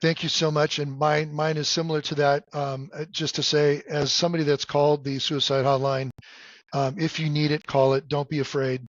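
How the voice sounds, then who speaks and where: A middle-aged man hosting a podcast in casual chat, halting with many fillers and restarts, cracking jokes. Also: fairly high pitch, little pitch movement, no echo. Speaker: podcast host. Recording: dull dry lo-fi sound.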